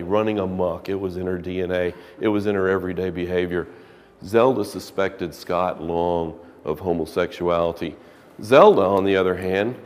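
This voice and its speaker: A man's voice: fairly low pitch, darkish tone, big-room sound. A man teaching a literature class, lecturing casually and reading passages aloud with dramatic emphasis.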